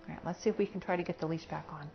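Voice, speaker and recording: A woman's voice: on the low side, steady tone, racing, highs cut off, soft background music. A woman dog trainer explaining steps in a practical way while working with a puppy at home. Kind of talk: hands-on training lesson.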